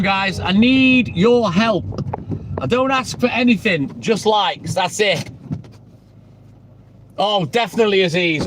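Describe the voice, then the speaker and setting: A man's voice: high-pitched, poor audio. A man hosting a casual live stream outdoors, chatty and swearing as he teases viewers by name. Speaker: livestream host. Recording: loud traffic noise outdoors.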